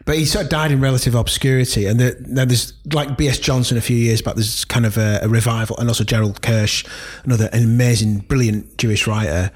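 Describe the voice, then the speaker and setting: A man's voice: mid-range voice, fairly even intonation, fast talker, hardly any pauses. A man chatting casually, enthusiastic and rambling with many fillers. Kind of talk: casual chat.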